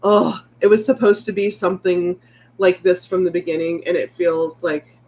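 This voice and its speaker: Her voice is on the low side, steady and a little mellow, at normal speed. She's a late-30s vlogger chatting candidly on a casual livestream, reading viewer comments in a rambling, heartfelt manner.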